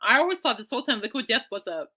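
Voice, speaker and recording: A woman's voice: a little high, big pitch swings, racing, bright, forceful tone, husky. A woman hosting a podcast in casual, rambling chat, giggly and reacting to listener comments. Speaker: podcast host.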